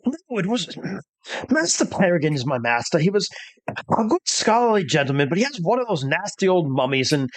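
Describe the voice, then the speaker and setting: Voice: mid-range voice, sing-song, brisk, lightly acted, poor audio. A game master voicing a frightened male valet who cries, stammers and repeats his words. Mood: shaken. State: crying. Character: panicked sobbing male valet, frightened servant.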